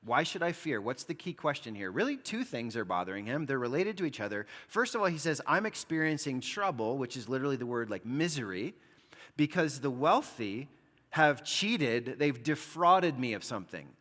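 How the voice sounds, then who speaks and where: A pastor preaches a sermon in a sing-song, fairly bright mid-range voice at normal speed, explaining conversationally and sprinkling in casual "like"s. The long reverb of a church hall rings around his voice.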